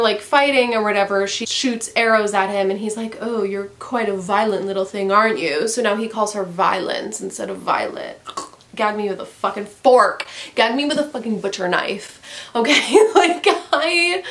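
A woman vlogger giving a casual, profane book review rant, using "like" constantly. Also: mid-range voice. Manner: frank and profane, heavy use of "like".

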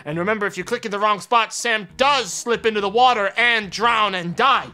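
A man's voice: high voice, moderate pace, sharp tone. A young man streaming a kids' game, sarcastic and profane, mocking the characters. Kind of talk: casual let's-play commentary. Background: game music.

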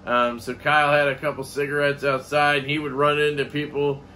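A man's voice: a little high, level tone, a little fast, sharp tone, slight background noise. A man vlogging in a casual, rambling way, swearing offhandedly as he chats. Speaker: knife collecting vlogger. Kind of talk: casual chat.

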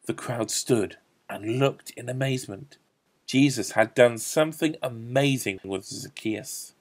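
A man telling a Bible story to children at a school assembly, theatrical with repeated refrains. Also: mid-range voice. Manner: animated, repetitive refrains, theatrical pauses.

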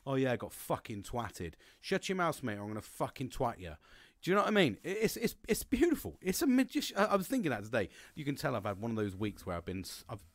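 A British man hosting his own show in a rambling, chatty monologue, swearing freely and filling pauses with ums and restarts. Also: medium pitch, dry recording. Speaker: podcast host. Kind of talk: casual chat monologue.

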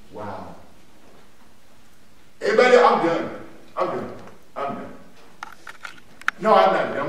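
A man's voice: high-pitched, bright, forceful tone. A man pastor teaching a Bible lesson in a church, emphatic and repetitive, laughing between his points. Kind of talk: call-and-response church teaching. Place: church sanctuary. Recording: echoey room from far off, some noise.

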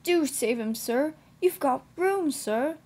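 Woman doing a high, fretful old steam engine. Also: a little slow, creaky, slightly rough, full character voice. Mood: pleading. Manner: excited, pleading. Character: kind, indignant old male steam engine.

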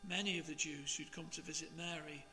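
A man, a priest, reading the Gospel and preaching in a slow, measured, expressive way. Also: on the high side, long reverb tail, slight background noise.

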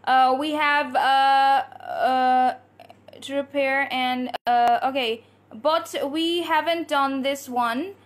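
A woman teaching English on a live stream, chatty, reading out viewer comments and drilling tongue twisters slowly. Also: high-pitched, steady tone.

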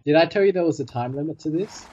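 A man's voice: on the high side, fast talker, a little mellow, lo-fi sound. A man playing a video game, talking casually and urgently cheering on his partner. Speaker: gamer. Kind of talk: casual gaming commentary.

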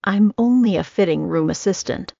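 A woman's voice: mid-range voice, moderate pace, gravelly, warm tone, no room sound, muffled recording. A woman voicing a timid, frightened young fitting-room assistant who speaks hesitantly and apologetically.

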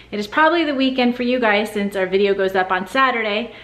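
A woman's voice: on the high side, lively intonation, moderate pace, hardly any pauses, fairly bright tone. A woman in her thirties, a family vlogger, chatting casually to the camera in her home kitchen. She is out of breath, with an upbeat, rambling way of talking.

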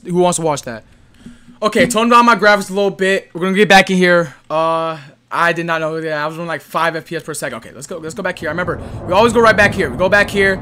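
A man doing excitable, slangy gameplay commentary, muttering one moment and yelling the next. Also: sits high. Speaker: gaming YouTuber. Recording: gunfire from the game behind.

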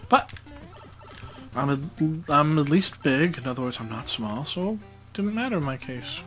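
A man talks his way through a video game in a loose, joking commentary, his voice sitting at an ordinary middle pitch. He pokes fun at himself between moves, and faint game music plays underneath. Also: lively intonation, normal speed, a bit bright, low-quality recording. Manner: chatty, joking, self-mocking asides. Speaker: let's play commentator. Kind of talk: casual gameplay commentary.

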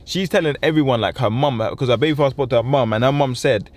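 A man's voice: mid-range voice, fast, darkish tone. A young man, telling a story to camera in a casual vlog, full of slang and fillers. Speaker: vlogger.

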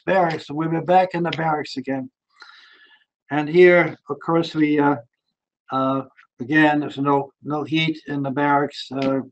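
A man's voice: fairly high pitch, highs cut off, slight background noise. A man, preaching earnestly and telling his life story with emphatic repetitions. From Germany. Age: 70s. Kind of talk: sermon.

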